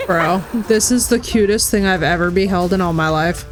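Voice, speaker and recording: A woman game streamer with a lowish voice comments live as she plays, at a moderate pace. She gushes in exclamation-filled bursts while faint game music plays.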